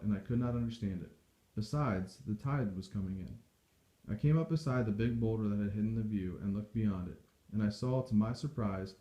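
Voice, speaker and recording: A man reading a novel aloud in steady, measured storytelling. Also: on the low side. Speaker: audiobook reader. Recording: dull echoey home recording.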